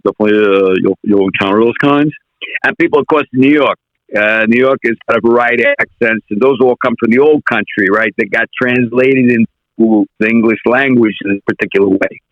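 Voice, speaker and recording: A man's voice: medium pitch, a little fast, no room sound. This is a man from the United States giving a casual interview, thinking aloud and circling back to sharpen his points. His voice sits in an ordinary middle range. The recording is dry and slightly dull, a bit lo-fi. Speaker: guest impressionist.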